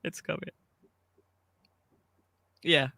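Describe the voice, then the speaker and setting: A woman's voice: extremely slow, sharp tone, dry recording. A woman hosting a live-stream interview, effusive and welcoming, often repeating her words as she speaks. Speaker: host.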